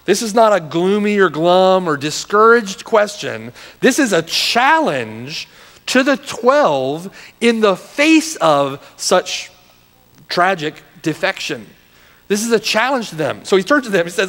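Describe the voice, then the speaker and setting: A man with a high, ringing voice preaches to his congregation, pressing them with repeated, impassioned questions. His words carry a long reverb through the church sanctuary. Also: sing-song, moderate pace, a bit bright. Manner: impassioned preaching, rising into challenging rhetorical questions. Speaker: pastor. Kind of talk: sermon.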